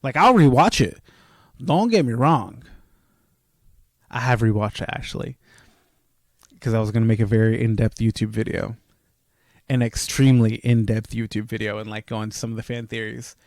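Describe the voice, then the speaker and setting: A young man co-hosting a casual podcast chat, rambling and animated, slipping into quoted asides as he rants. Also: on the low side, normal speed, pauses often, no echo, studio quality. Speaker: podcast co-host.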